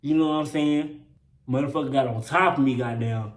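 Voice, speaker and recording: A man's voice: mid-range voice, fairly quick. Young man in a roomy, echoey recording. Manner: profane, slangy, repeats lines for emphasis. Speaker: vlogger telling a personal story. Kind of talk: casual storytime monologue. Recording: roomy echo with faint hum.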